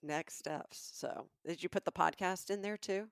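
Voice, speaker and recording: Woman, 50s, Southern American accent, podcast co-host, playful teasing chat, lowish voice, dry close mic. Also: unhurried, smooth, no room sound. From Alabama, USA. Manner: playful, teasing, breaks into laughter. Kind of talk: casual comedic chat.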